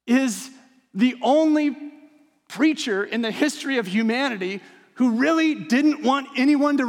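A man's voice: extremely high pitch, fairly bright tone. A man preaching a sermon as a pastor, emphatic and dramatic, with casual conversational asides. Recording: long hall reverb.

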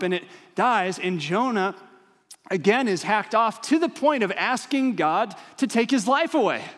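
A man's voice: sits high, a bit bright. A man preaching a sermon as a pastor, emphatic and dramatic, with casual conversational asides. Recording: long hall reverb.

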